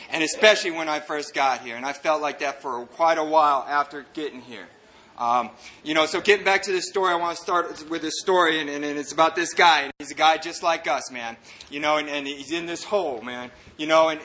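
Earnest, rambling man with a bright voice. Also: on the high side. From United States (El Paso, Texas). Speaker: recovering addict sharing his story. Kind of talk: personal recovery testimony to a group.

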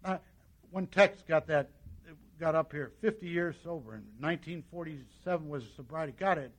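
A man with a notably high-pitched voice speaks to a meeting audience as he shares his own recovery story. He tells it in a folksy, conversational way and keeps acting out the dialogue of the people in it. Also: moderate pace. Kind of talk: personal testimony to an audience.

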